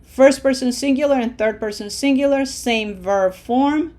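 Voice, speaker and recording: A woman teaching a language lesson, checking in with her students and slowly modeling each pronunciation for them to repeat. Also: high-pitched, warm tone. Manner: slow, deliberate modeling of pronunciation with encouraging checks. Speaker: Spanish teacher.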